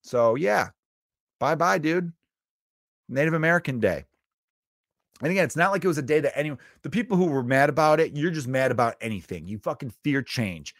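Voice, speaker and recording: A man's voice: on the high side, animated, fairly quick, no echo, studio quality. A man delivering a profane, sarcastic comedic rant as a podcast host, mocking people and swearing constantly.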